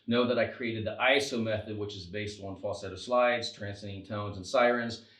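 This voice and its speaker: A man working as a vocal coach, talking singers through warm-up exercises in an energetic, coaching manner. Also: fairly low pitch, normal speed. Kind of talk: instructional video demonstration. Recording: roomy echo.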